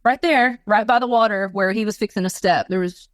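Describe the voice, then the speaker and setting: A woman tells a long, rambling story as an interview guest, leaning on filler words as she goes. Her voice sits at an ordinary middle pitch. The sound is close and dry, with no room echo at all. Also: a little fast. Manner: animated, rambling storyteller with many fillers and laughs.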